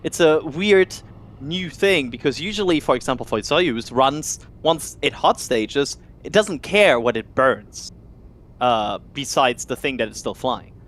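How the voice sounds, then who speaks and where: Animated man with a lively pitch. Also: a little slow. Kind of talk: casual technical chat.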